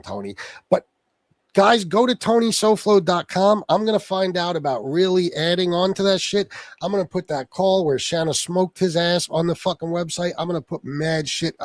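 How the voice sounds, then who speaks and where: A man's voice: high-pitched, no echo. A man hosting a livestream, delivering a profane, taunting rant aimed at someone he insults by name. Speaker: livestream host.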